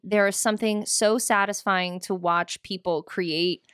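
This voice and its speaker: A woman's voice: medium pitch, steady tone, a little slow, fairly bright tone, clear, resonant tone, no room sound, clean studio sound. A woman co-hosting a podcast, chatting with enthusiasm. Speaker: podcast co-host. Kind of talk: casual chat. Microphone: studio podcast mic.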